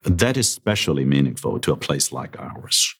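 A man's voice: extremely low pitch, big pitch swings, normal speed, creaky, a bit bright, slightly rough. A middle-aged man, a university president, talking in a podcast interview, good-humored and self-deprecating, with chuckles between remarks. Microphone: podcast microphone.

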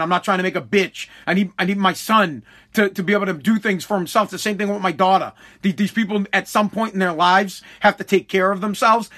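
A man's voice: sits high, bright, forceful tone. A man, a father and podcast host, telling a heated, profane story with many restarts and repeated words. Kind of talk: casual storytelling monologue.

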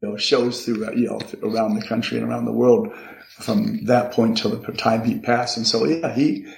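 Older male guest, gravelly voice, halting reflective delivery, echoey room. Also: medium pitch, fairly even intonation, darkish tone, a little hiss or hum. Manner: halting and reflective, often repeating words. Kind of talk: conversational interview. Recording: roomy echo.

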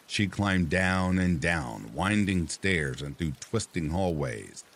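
Deep raspy guy reading a folk tale, voice goes up and down a lot. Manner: measured, expressive reading. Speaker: storyteller. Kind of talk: scripted storybook narration.

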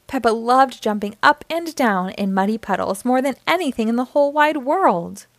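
A woman's voice: fairly high pitch, no room sound. Woman reading a picture book aloud. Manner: lively, expressive storybook reading. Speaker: storytime reader.

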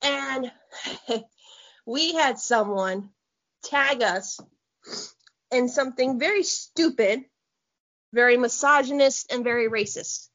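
A woman co-hosting a podcast, talking in a blunt, profane and animated way in casual chat. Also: sits high, takes it slowly, pauses often. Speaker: podcast co-host.

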